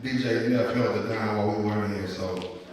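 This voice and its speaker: A man hosts a live podcast in front of an audience and tells his stories with lively, laughing energy. His voice sits a little low. It rings through a big echoey hall, picked up from a distance with a long reverb tail. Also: a little fast, background noise. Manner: animated, laughing storyteller. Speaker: city councilman and podcast host. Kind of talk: live podcast hosting and storytelling.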